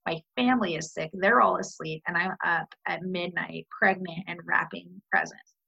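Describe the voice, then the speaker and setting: Gravelly-voiced woman sharing her grief. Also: lowish voice, steady tone, moderate pace, sharp tone. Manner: candid, reflective, many fillers and restarts. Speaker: guest. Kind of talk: personal conversation about grief. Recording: muffled lo-fi podcast audio.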